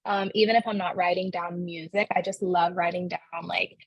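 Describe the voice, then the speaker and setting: A woman's voice: lowish voice, fairly even intonation, normal speed, husky, no echo, muffled recording. A young woman, an actress, answering interview questions in a bubbly, chatty way, full of "like" fillers.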